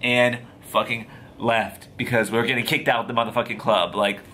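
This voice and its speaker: A man vlogger casually retelling a story to camera, profane and animated, full of slang. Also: medium pitch, moderate pace, a little hiss or hum.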